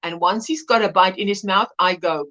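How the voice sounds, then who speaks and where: A middle-aged woman hosting a casual livestream, chatting and reading out viewer comments as an animated storyteller who mimics voices and laughs often. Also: mid-range voice, moderate pace, highs cut off. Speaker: livestream host.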